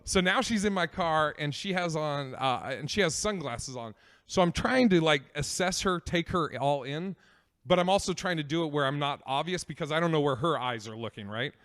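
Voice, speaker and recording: A man's voice: on the high side, moderate pace, fairly bright tone, no echo, studio quality. Rambling, profane male podcast host. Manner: rambling, profane, lots of fillers. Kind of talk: comedic storytelling.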